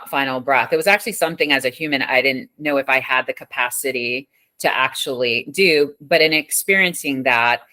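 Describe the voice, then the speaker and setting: Bright, reflective woman host. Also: rumbling low, no echo. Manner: reflective, thoughtful, pauses with fillers. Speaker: podcast host. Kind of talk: reflective interview talk.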